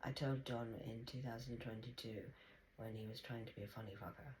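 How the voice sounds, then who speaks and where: A woman giving a rambling spiritual monologue, swinging between loud exclamations and soft whispers. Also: extremely low pitch, fairly even intonation, fairly quick, slight background noise, low-quality recording. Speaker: spiritual vlogger.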